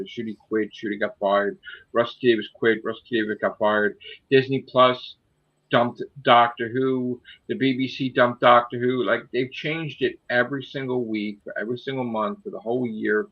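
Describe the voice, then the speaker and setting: Profane, blunt man on a muffled recording. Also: medium pitch. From Italian heritage. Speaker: podcast co-host. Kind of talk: casual fan chat. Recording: muffled lo-fi audio.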